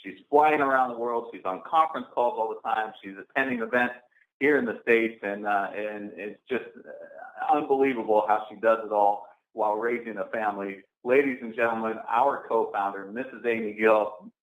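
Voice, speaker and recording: A man hosting a phone-in conference call, energetic and full of fillers. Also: lowish voice, normal speed. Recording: echoey tinny phone line.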